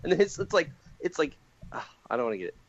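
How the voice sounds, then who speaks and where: Animated man in casual comics chat. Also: a little high, fast talker, lo-fi sound, heavy background noise. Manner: animated, laughs often, acts out quotes. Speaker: podcast co-host.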